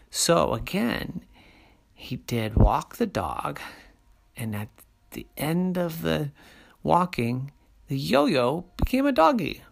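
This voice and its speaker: A storyteller telling a children's story in a slow, sing-song way, dropping to soft asides. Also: medium pitch, very animated, vocal fry.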